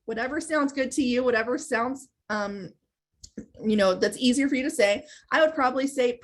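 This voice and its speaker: A woman's voice: on the high side, a little fast. A woman hosting a live training webinar, explaining step by step in a conversational way. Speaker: webinar host and sales trainer.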